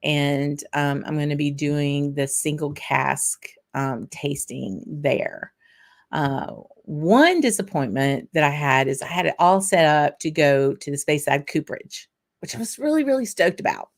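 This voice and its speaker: A chatty woman with a Southern US accent hosts a relaxed whisky show, her voice sitting low for a woman. She rambles along with plenty of ums and light laughs, stopping now and then to savor a sip. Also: measured pace, vocal fry. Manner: tasting and sipping between remarks. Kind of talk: casual livestream chat.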